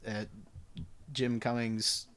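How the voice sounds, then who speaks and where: A young man co-hosting a podcast, chatting casually about movies, excitable, laughing and swearing. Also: medium pitch, drawn-out words, smooth. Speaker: podcast co-host.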